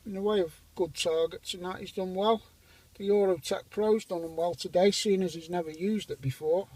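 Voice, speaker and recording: Chatty high-voiced detecting vlogger. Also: male voice, steady tone, moderate pace, a little mellow, dry recording, low-quality recording. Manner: chatty, enthusiastic, addresses viewers. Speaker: metal detecting vlog host. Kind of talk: casual vlog commentary. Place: windy farm field outdoors.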